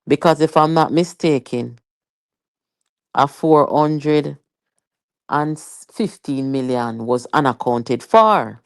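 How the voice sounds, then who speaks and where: A woman's voice: low-pitched, takes it slowly, smooth, no echo, studio quality. A Jamaican woman hosting a live political commentary stream, chatty and emphatic, with rhetorical questions and patois asides.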